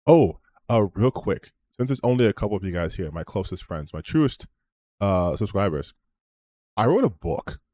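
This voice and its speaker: This man closes his stream with loose, self-promoting chatter and plenty of swearing. He speaks at normal speed in a warm, very animated voice on the low side, with no echo.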